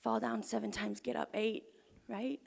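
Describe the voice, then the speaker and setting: A young woman telling a personal story live on stage to an audience, earnest and often dropping to a hushed near-whisper. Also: on the high side, flat delivery, moderate pace, gravelly, husky. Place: performance venue with audience. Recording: long hall reverb.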